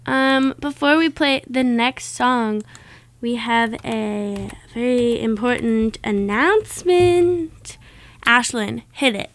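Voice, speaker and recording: A woman's voice: on the high side, slow pace. A young woman hosting a college radio show, bubbly and encouraging as she introduces songs from a studio.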